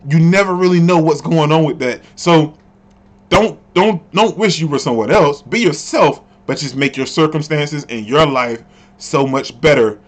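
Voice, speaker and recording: A chatty, excitable man reading a comic aloud and reacting to it. His voice is a little high. He stumbles, repeats himself, and tacks "man" onto his sentences. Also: moderate pace. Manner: excitable, repeats words, often says "man". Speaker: comic readthrough host. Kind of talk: casual reading with commentary.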